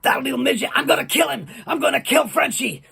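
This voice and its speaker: A hot-tempered gangster wrestler, put on by a man telling a story, roars threats in a high, strained voice. The sound is husky, and the pitch jumps well above the teller's own. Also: animated, normal speed, heavily acted. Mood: enraged. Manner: shouting threats, fired up.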